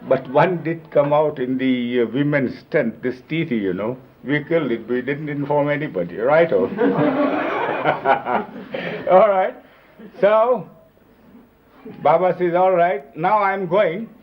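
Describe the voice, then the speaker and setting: A man telling lively, emphatic anecdotes about his time as a companion, recorded on old videotape. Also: a little high, slow pace, pauses often, slight background noise. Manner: lively, emphatic retelling with acted-out quotes. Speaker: storyteller recalling his years as a companion. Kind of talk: informal anecdotal storytelling. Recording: dull lo-fi 1970s reel-to-reel videotape.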